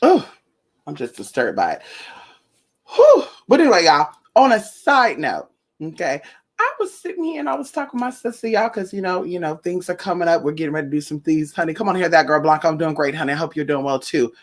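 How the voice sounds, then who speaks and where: A young woman from Northern California talks straight to her viewers, telling a story with plenty of cussing and sass. Her pitch sits on the low side but swings widely as she gets animated. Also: a little fast. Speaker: spiritual vlogger. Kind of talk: casual storytelling vlog.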